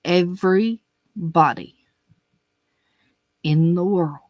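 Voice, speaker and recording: A young adult with a mid-range, slightly mellow voice speaks slowly with long pauses, recorded without room sound. The unscripted monologue is a blunt, profane rant, emphatic throughout, with words repeated to hammer each point home.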